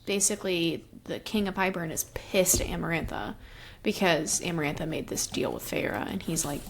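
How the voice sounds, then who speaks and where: In a casual podcast discussion about a book, a young adult woman co-host gives a loose plot recap of a novel, sprinkling in plenty of "um" and "like." Her voice is lowish with vocal fry, her pace moderate, and faint background noise is present.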